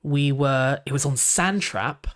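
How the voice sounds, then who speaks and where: A man's voice: medium pitch, unhurried, a bit bright. A young man, chatting casually while reacting to videos, rambling with lots of "like" and restarts.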